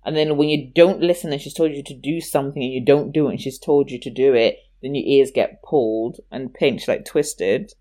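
Her voice is a rumbling low, and she talks a little fast with hardly any pauses while recounting a childhood memory. Casual and lively, she takes on the voices of people in the story and keeps breaking into laughter.

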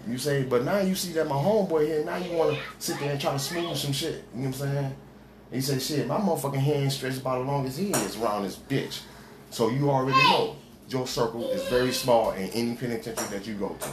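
A man telling a long story in casual chat, heavy on street slang and full of fillers and restarts, acting out what people said. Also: mid-range voice. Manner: rambling, heavy street slang, acts out quoted dialogue; halting with many fillers and restarts. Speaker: storyteller in conversation. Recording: echoey room with background noise.

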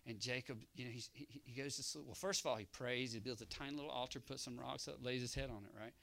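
A man preaching a sermon who moves from hushed storytelling to loud exhortation and keeps calling for an amen from his congregation. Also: mid-range voice, steady tone, fast talker, gravelly. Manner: calls for congregation response.

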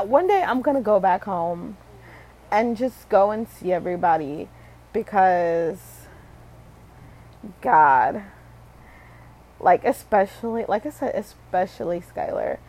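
A woman's voice: medium pitch, animated, slow, pauses often, darkish tone, poor audio. A young woman from Michigan rambling casually to camera, full of fillers and self-corrections, swearing and laughing at herself. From Michigan, USA. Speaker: vlogger.

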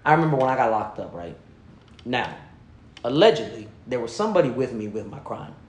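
A man telling stories in casual, slang-heavy chat. He is animated, laughs through the funny parts and drops low and quiet when he quotes other people. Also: a little fast. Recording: roomy echo.

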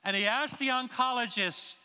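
High, bright-voiced male preacher. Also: moderate pace, clean tone. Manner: emphatic preaching with rhetorical questions. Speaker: pastor. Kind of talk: sermon. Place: church sanctuary. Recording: long reverb of a large hall.

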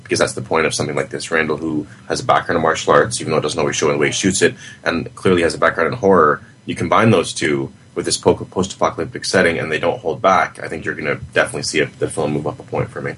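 A man co-hosting a podcast, giving measured, earnest opinions about a movie in casual chat. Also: extremely low pitch, level tone, a bit bright, a little hiss or hum. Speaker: podcast co-host. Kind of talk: casual film review chat.

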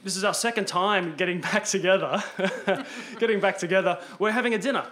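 A man's voice: high voice, a little fast, fairly bright tone, slight background noise. A man hosting a podcast, chatting casually at a dinner table, laughing often and restarting his sentences. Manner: laughing, enthusiastic, talks in restarts. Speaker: podcast host. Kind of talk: casual chat.

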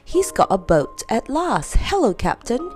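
A woman plays a naughty girl doll from a storybook, always up to mischief and teasing the others. Her voice bounces lively up and down, mellow in tone. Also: a little high, a little slow, faint music behind, pitched above the performer's own voice. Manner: teasing, chuckling.

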